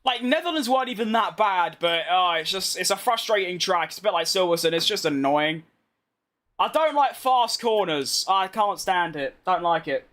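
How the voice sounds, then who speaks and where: High-voiced British man streaming a game. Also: expressive, moderate pace, fairly bright tone. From Britain. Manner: chatty, self-mocking, slangy, talks to himself while playing. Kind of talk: casual gameplay commentary.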